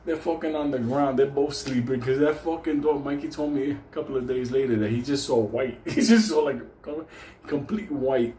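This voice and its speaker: A man's voice: mid-range voice, steady tone, moderate pace, mellow. A man tells a story casually, swearing constantly and laughing as he talks. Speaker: storyteller host. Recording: echoey room with faint ambient noise.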